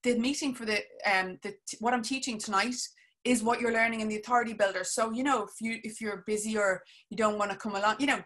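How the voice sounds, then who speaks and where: A woman's voice: a little high, fairly even intonation, fast, fairly bright tone. A woman, a business coach, chatting casually and eagerly to viewers on a live stream, rambling with restarts and frequent laughs.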